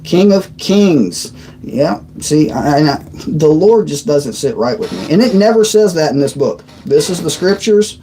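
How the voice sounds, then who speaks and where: A man's voice: a little high, expressive, normal speed, dark tone, slight background noise, low-quality recording. A man in his thirties hosting a casual livestream chat from his desk, rambling and trailing off mid-sentence. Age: 30s. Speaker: livestream host. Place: at a desk on a squeaky old chair.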